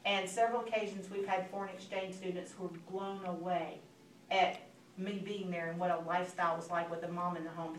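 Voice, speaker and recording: A woman, giving an animated motivational sales training talk to a live audience and acting out phone calls. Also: fairly low pitch. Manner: animated, acts out phone calls, addresses listeners as girl. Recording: echoey room, from a distance, faint background noise.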